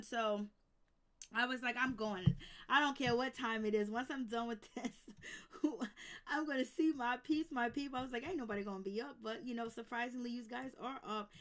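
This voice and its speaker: A woman's voice: mid-range voice, a bit bright. A woman hosting a late-night livestream in casual, profane chat, greeting viewers by name. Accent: Baltimore. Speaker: livestream host.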